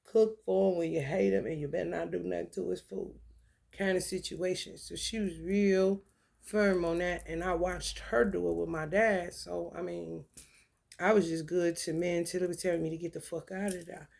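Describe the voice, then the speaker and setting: A woman's voice: fairly low pitch, fairly even intonation, normal speed, gravelly, darkish tone. A woman, telling blunt, profane stories and reading tarot cards in a casual talk. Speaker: tarot reader.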